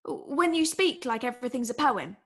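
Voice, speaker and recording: A woman's voice: high-pitched, animated, fairly quick, fairly bright tone, slightly rough. A woman asking curious questions in a scripted educational chat. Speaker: curious learner.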